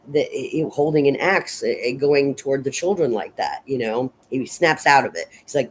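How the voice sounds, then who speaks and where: A man at an ordinary pitch talks through a horror film's ending in a loose, rambling way, stumbling over restarts and filling gaps with "uh". His speech is casual and unpolished, with some offhand swearing. A faint hiss sits under the recording. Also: normal speed, few pauses, rough recording. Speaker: film reviewer. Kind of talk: casual movie recap and analysis.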